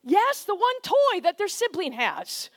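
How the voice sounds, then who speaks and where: A woman preaching a conversational, animated sermon, often shifting into quoted voices. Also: very high-pitched, measured pace.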